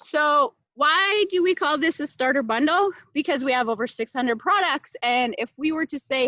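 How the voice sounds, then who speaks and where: A woman leads a casual live class in a chatty, heartfelt way, full of fillers and sudden bursts of excitement. Her voice sits a little high. It comes through a laptop mic, dry and somewhat dull. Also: normal speed, few pauses, no echo. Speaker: class host presenting essential oils.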